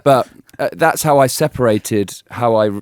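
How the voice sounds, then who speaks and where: A man in his thirties telling animated stories as an interview guest, laughing and restarting often. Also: medium pitch, a little slow, clean tone, no room sound, clean studio sound. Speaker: guest, former cricketer. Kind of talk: casual storytelling interview.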